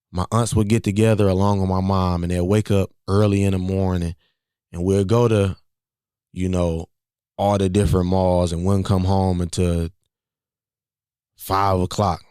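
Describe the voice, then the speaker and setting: A man's voice: low-pitched, fairly even intonation, measured pace, dark tone, clear, resonant tone, dry recording, clean studio sound. A man in his twenties hosting a podcast, telling a personal story in a casual, conversational way and often repeating phrases as he goes. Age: 20s. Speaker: podcast host.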